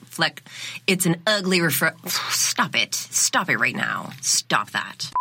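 Slow, swearing woman podcast co-host. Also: low-pitched. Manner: swears freely, stumbles over words, playful deadpan asides. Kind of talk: casual chat. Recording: noisy home podcast recording.

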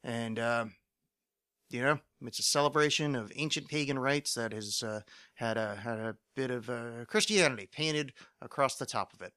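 A man's voice: medium pitch, moderate pace, bright, forceful tone, clean tone, dry recording. A man hosting a solo podcast, rambling and self-mocking with many fillers and profanity, his throat a bit phlegmy. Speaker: podcast host. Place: home studio.

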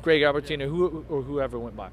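A man's voice: fairly high pitch, fast, a little hiss or hum. A middle-aged man, a former motocross racer, rambling through stories in a casual interview outdoors at a race track. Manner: rambling, storytelling.

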